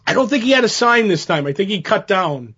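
A man's voice: high-pitched, lively intonation, a little fast, fairly bright tone, breathy edge, highs cut off. A man co-hosting a podcast in casual chat, rambling through stories with many fillers and restarts. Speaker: podcast co-host.

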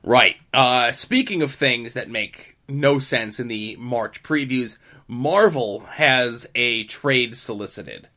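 Bright-voiced chatty male podcast host. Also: mid-range voice, takes it slowly. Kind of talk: casual chat.

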